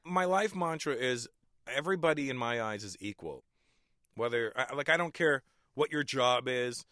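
Bright-voiced male comedian, chuckling. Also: medium pitch, normal speed, dry recording, studio quality. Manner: chuckles often, relaxed storytelling. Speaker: stand-up comedian, guest. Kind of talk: casual interview talk.

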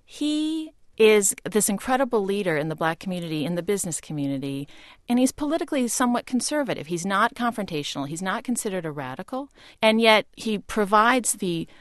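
A woman historian, a guest in a broadcast interview, explaining events in a storytelling way that grows animated in places. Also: medium pitch, brisk, dry recording, clean studio sound.

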